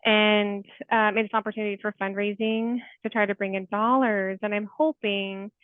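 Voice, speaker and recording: A woman in her forties shares her experiences in an unscripted interview, warm-hearted and rambling with frequent fillers and little laughs. Her voice sits at an ordinary middle pitch. The sound is dry and narrow, like a tinny phone or video call. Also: steady tone, moderate pace, dry recording. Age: 40s. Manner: chatty and heartfelt, with many "like" fillers and soft laughs. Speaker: therapist guest. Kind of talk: casual interview chat.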